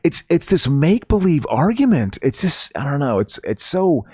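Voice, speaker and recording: Brief: male co-host, casual and animated, with a lively pitch, dry close-mic sound. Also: normal speed, husky, dry recording. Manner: animated, chatty, many restarts and "you know"s. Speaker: podcast co-host. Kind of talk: casual chat.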